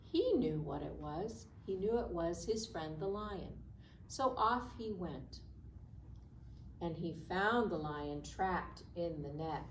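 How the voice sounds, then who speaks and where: A woman librarian reading a story aloud to children, slowly and expressively, at a public library. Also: on the low side, a little hiss or hum. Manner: slow, animated, expressive storytelling. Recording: echoey room, mic at a distance.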